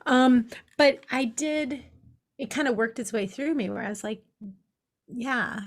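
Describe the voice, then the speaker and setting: A woman with a fairly high voice co-hosts a podcast, drifting through reflective stories in an easy, casual way. She laughs often as she talks things over. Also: a little slow. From Pacific Northwest of the US. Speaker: podcast co-host. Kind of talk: casual conversation.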